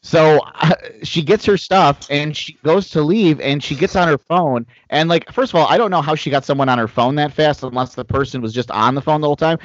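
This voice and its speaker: A man's voice: fairly high pitch, fairly quick, no echo, highs cut off. A man co-hosting a casual chat, telling a profane story and acting out the quotes. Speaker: podcast co-host.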